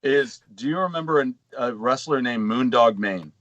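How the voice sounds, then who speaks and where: A man's voice: mid-range voice, animated, moderate pace, a bit bright, dull audio. A middle-aged man co-hosting a gaming podcast, telling long rambling anecdotes in casual chat. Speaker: podcast co-host.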